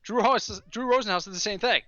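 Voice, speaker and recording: A man co-hosting a sports podcast, talking casually with animated, wry storytelling and the odd rant. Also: high voice, quick pace, dry recording, dull audio. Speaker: podcast co-host.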